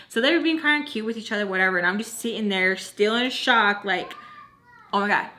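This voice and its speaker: A young woman tells a personal story straight to her viewers in a loose, chatty way. She leans on "like" constantly and slips into quick voices for the people in her story. Her pitch sits in an everyday middle range. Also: a bit bright. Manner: chatty, heavy use of "like", acts out quotes. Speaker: vlogger. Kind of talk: casual storytime while doing makeup.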